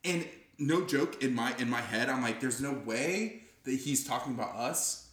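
Excitable young man, lively bright voice. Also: mid-range voice, moderate pace, echoey room. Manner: excitable, laughs often, swearing. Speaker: podcast co-host. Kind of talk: casual chat.

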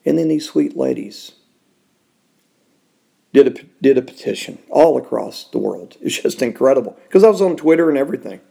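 Male podcast host, gravelly voice, emotional studio testimony with big swings in volume and pitch. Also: animated, normal speed. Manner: emotional, swings from loud and high to soft and hushed. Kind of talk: personal testimony.

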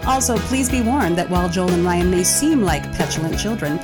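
Female announcer, lowish voice, scripted intro read over clear background music. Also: animated, a little fast. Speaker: show announcer.

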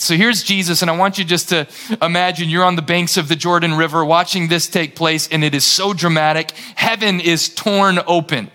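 Man, pastor, sermon, high voice, forceful, conversational, energetic. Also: normal speed. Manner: energetic, conversational, dramatic retelling.

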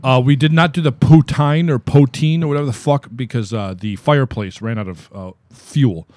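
A podcast co-host chats casually in a rambling, profane, laid-back way. His medium-pitched, darkish voice moves at a normal speed, and the recording is dry.

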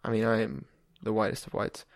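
A young man with a fairly low, gravelly voice steers a relaxed, wry podcast chat. The sound is close-miked and dry. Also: fairly quick, dry recording. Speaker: podcast co-host. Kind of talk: casual chat.

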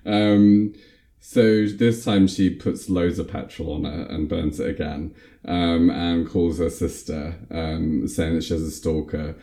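A man talking through a film's plot in casual chat, full of ums and likes. His voice is very low and mellow. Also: steady tone, unhurried. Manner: rambling, lots of fillers. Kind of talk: casual film recap chat.

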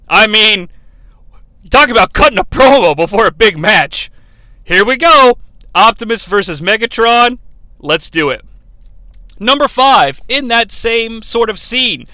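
A man's voice: high voice, sharp tone, clean tone, no echo. A man hosting a countdown show in casual commentary, enthusiastic and rambling into asides, often laughing as he talks.

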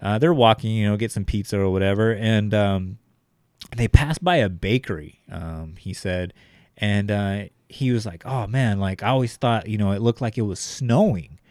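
Young dude with a lowish voice telling a story, loose and rambly, dry close sound. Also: male voice, normal speed, darkish tone, no echo. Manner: rambling, heavy on fillers and swearing. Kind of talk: casual storytelling chat.

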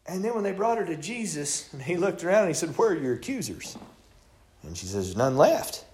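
A man preaches in a folksy way. He tells stories and acts out the people in them, and his delivery builds up until he is shouting. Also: a little high, sing-song, a little fast. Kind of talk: sermon with storytelling.

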